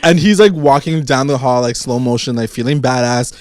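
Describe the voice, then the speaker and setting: A man's voice: mid-range voice, a little fast, no room sound. Male podcast co-host, easygoing slangy delivery, dry studio sound. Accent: Canadian. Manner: laid-back slangy retelling with acted-out quotes. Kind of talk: casual recap chat.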